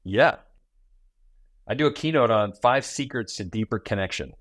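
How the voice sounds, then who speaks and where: A man in his forties, a podcast guest who tells stories in a lively way and acts out small talk in quick asides. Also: on the low side, dry recording. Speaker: guest, founder and keynote speaker. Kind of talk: conversational podcast interview.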